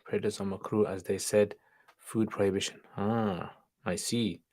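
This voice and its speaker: This man's voice sits on the low side, with a steady, darkish tone and a moderate pace. He hosts a casual livestream, reading viewers' questions aloud and answering offhandedly while sprinkling in Arabic greetings and religious terms. He studied for nine years in Pakistan and now lives in England.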